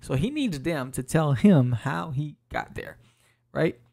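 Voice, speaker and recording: A laid-back male podcast host who talks through a comic in a joking, slangy way. His voice sits a bit high with a gravelly, fry-heavy texture. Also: big pitch swings, a little slow, a little mellow. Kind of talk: casual comic read-through.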